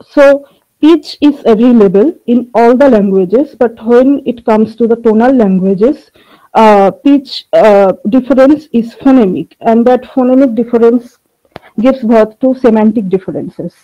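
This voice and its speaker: A woman giving an academic conference presentation on linguistics, talking through her slides in a measured way with frequent filler pauses. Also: fairly high pitch, warm tone, highs cut off. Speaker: linguistics researcher presenting a paper.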